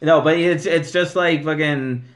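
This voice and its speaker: A man's voice: a little high, fairly even intonation, unhurried. A young man from the Los Angeles area hosting a casual podcast, laid-back, rambling as he explains and swearing freely. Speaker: podcast host.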